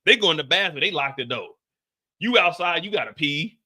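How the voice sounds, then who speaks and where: High-voiced man, joking reaction host, swears freely. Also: expressive, a little fast. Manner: loud, profane, joking. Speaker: streamer recapping a TV episode. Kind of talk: animated reaction commentary.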